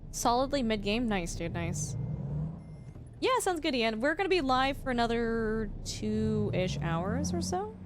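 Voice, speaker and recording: A woman's voice: fairly high pitch, very animated, measured pace, background noise. A woman streamer chatting casually with her live viewers, bubbly and effusive, laughing often.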